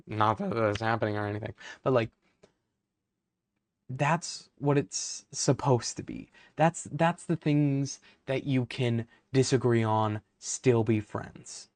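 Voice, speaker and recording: A young man rants heatedly to camera, rambling from point to point. He fills gaps with "like" and "uh" and swears freely. His voice sits at an ordinary pitch, and the sound is dry and close. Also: takes it slowly, no echo. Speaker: vlogger. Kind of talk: ranting to camera.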